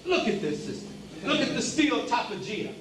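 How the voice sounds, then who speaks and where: A man's voice: very high-pitched, very animated, normal speed. A man giving a preacher-style lecture to an audience, emphatic and repeating phrases for emphasis. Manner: addresses the audience as brothers and sisters. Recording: roomy hall, speaker away from the mic, faint background hiss.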